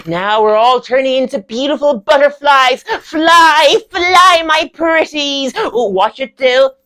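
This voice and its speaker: High-pitched theatrical drama teacher, effusive and bossy, a woman acting it out. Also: slow pace, fairly bright tone. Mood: gushing. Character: gushing theatrical female drama lecturer.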